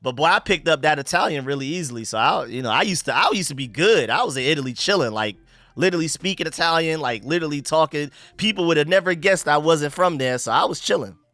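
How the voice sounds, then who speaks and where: This sports livestream host, a young American man, reacts to viewer comments in a loose, slangy chat that rambles and restarts. He talks fast in a little high, animated voice that is pushed and bright, and the recording has no room sound.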